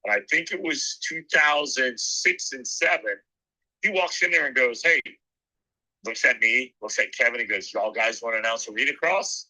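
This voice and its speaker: A man's voice: medium pitch, lively intonation, normal speed, sharp tone, rough recording. A middle-aged man who works as a race announcer, telling rambling anecdotes in a casual interview and acting out the lines he quotes.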